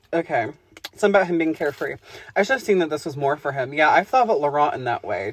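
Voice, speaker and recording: A woman reading spicy fiction aloud on a podcast, breaking off into giggles and crude jokes. Her pitch swings widely, and she stops and restarts herself often. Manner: giggly, crude, self-interrupting. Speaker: podcast co-host. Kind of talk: reading erotica aloud with banter.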